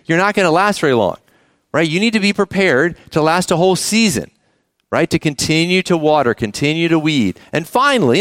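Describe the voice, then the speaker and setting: A man's voice: sits high, a bit bright, dry recording, studio quality. A man preaching a sermon as the church's pastor, talking conversationally and often asking the congregation questions.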